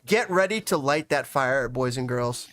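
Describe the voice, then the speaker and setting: A man chatting on a soccer podcast, rambling and excitable, sometimes breaking into shouts. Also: mid-range voice, normal speed, dry recording. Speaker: guest. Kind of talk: casual podcast chat.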